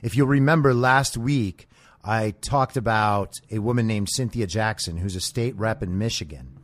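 A man's voice: on the low side, moderate pace. A man hosting a political commentary show, talking in a blunt, sarcastic and profane way. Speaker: host.

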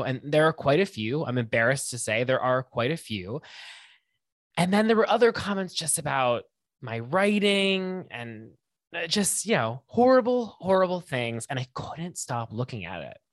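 A man hosting his own podcast alone, thinking out loud in a loose, self-conscious ramble. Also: a little high, no room sound, clean studio sound. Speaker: podcast host. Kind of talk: casual solo monologue.

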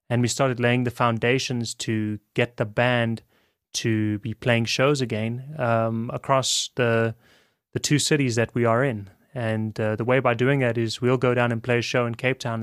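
Calm, relaxed South African man. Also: mid-range voice, dry recording, studio quality. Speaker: band frontman. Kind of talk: casual podcast chat.

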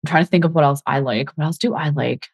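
Upbeat, chatty woman host with a slightly low voice, speaking straight to her audience. Dry, close sound. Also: fast talker, darkish tone, husky, dry recording. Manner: chatty, upbeat, keeps saying "you guys". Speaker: fitness coach and podcast host. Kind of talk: live podcast talk, reading out audience chat.

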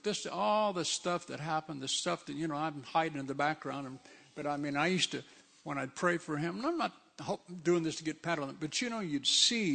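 Man, preacher, sermon, high voice, gravelly, conversational and emphatic. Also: pushed and bright.

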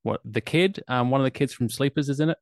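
A man's voice: mid-range voice, fast talker, no room sound. A man with an Australian accent, co-hosting a podcast and recapping a film in casual chat with dry humor. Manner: chatty, wry film recaps with filler ums. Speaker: podcast co-host.

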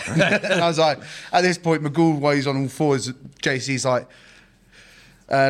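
A man's voice: fairly high pitch, steady tone, normal speed. A man, a former rugby player, casually telling a story on a podcast, acting out the quoted lines and laughing. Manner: acts out quoted dialogue, laughing.

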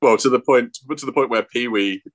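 A man's voice: medium pitch, a little fast. A man on a podcast, retelling movie scenes animatedly and quoting characters in put-on voices. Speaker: podcast guest. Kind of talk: casual film recap chat.

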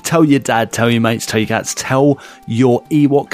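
A man's voice: medium pitch, normal speed, darkish tone, soft background music. A man co-hosting a casual podcast, teasing and joking and calling people mate. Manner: jokey, teasing, calls everyone mate. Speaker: podcast co-host.

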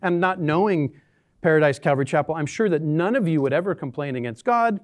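A man's voice: on the high side, lively intonation, fairly quick. A man preaching a sermon as a pastor in a church, conversational and dryly sarcastic. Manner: conversational, dry sarcastic humor.

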